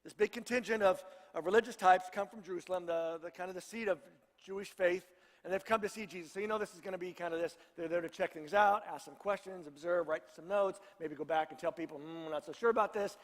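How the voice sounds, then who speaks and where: A man's voice: high voice, fast, in a large hall. A middle-aged male pastor giving a conversational sermon, joking with his congregation. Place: church sanctuary.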